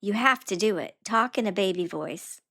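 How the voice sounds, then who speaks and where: A woman's voice: mid-range voice, normal speed, gravelly, fairly bright tone, no room sound, studio quality, pitched above the performer's own voice. A woman voicing a bossy teenage girl, a senior who leads a prank and gives giggling commands.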